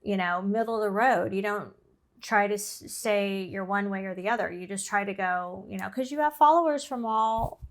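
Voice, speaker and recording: Middle-aged woman co-host, mid-range voice, casual and talkative. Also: medium pitch. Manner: chatty, reacts with laughs and quick interjections. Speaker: podcast co-host. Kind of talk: casual chat.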